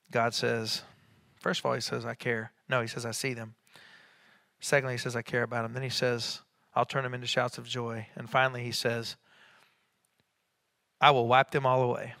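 A middle-aged man preaching a sermon as a pastor, conversational, with quick asides and rising emphatic peaks. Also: mid-range voice, gravelly, bright, forceful tone, dry recording, studio quality.

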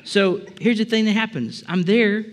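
A man's voice: sits high, moderate pace. A man preaching a conversational sermon to a congregation, joking and asking them questions. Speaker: pastor. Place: church service before a congregation.

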